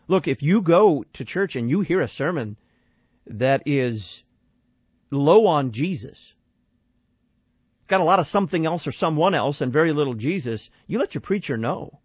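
A man's voice: mid-range voice, lively intonation, moderate pace, slightly rough, no echo, highs cut off. A man hosting a call-in radio show, talking thoughtfully and emphatically and building his points in lists. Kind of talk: call-in talk radio discussion.

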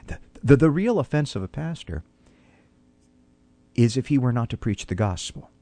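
A man's voice: low-pitched, darkish tone, no echo. A man, a pastor on a call-in radio talk show, answering questions in an earnest, preacherly way and often repeating words as he starts a thought.

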